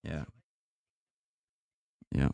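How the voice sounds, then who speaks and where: A man's voice: extremely slow, mellow, no echo. A tired young man streaming live, chatting casually on a call with his grandmother, swearing often and laughing easily.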